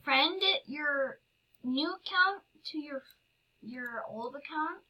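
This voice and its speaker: A woman chatting casually beside a gamer, making quick, helpful remarks, picked up off-mic on dull lo-fi audio. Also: high-pitched, lively intonation. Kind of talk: casual chat during gameplay.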